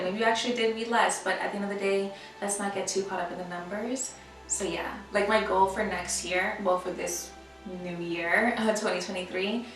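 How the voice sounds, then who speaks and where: A woman's voice: medium pitch, fairly bright tone, far from the mic. A woman book vlogger chatting casually about her reading, rambling with fillers and correcting herself as she goes. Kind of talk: casual chat. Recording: roomy echo, from the mic, faint music.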